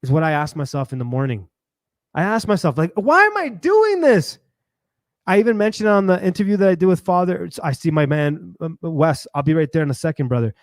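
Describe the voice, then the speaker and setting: A man hosting a podcast, telling a rambling, lively story and acting out the voices of people he met. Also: on the high side, fast, dry recording, clean studio sound. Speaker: podcast host. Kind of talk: animated storytelling monologue.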